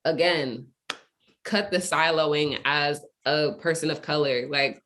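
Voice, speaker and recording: A young adult woman, a guest in casual conversation, telling a story in animated, quick bursts. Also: deep voice, a little hiss or hum.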